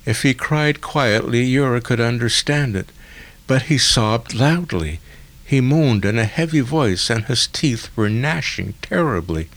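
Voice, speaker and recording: A man narrating a literary story in a measured, deliberate way. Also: medium pitch, animated, fairly bright tone. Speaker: audiobook narrator.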